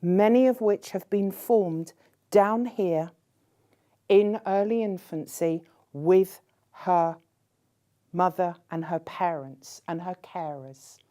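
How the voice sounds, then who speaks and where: A woman giving a conference keynote speech in a measured way, posing rhetorical questions to the audience. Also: on the low side, mellow. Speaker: keynote speaker.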